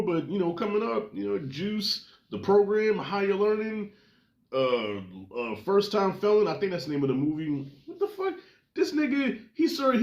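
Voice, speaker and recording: Guy ranting about a movie, swearing and joking, kinda high voice, roomy echo. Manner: animated, profane, jokey storytelling. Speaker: movie reviewer. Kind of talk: casual spoken film review.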